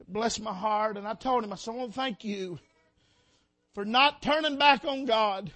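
A man's voice: high-pitched, bright, forceful tone. A man preaching a sermon in a church, impassioned and calling out to the congregation. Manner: impassioned, rising and falling, calls out to the congregation. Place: church sanctuary.

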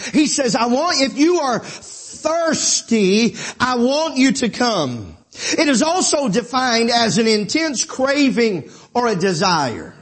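A preacher, a middle-aged man with a very high voice, working through his points. He slides between folksy asides and fervent, shouted calls to the congregation. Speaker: pastor. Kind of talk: sermon.

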